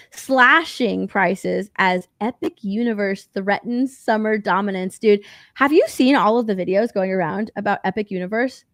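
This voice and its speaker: Chatty excited young-sounding woman. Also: fairly high pitch, no echo, clean studio sound. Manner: chatty, excitable, many fillers. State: hiccups. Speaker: podcast co-host. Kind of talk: casual chat.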